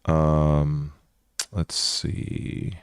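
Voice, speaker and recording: A man's voice: extremely low pitch, completely flat delivery, drawn-out words, smooth, no echo, studio quality. A male channel host mumbling aloud as he searches through old videos. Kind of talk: casual vlog commentary.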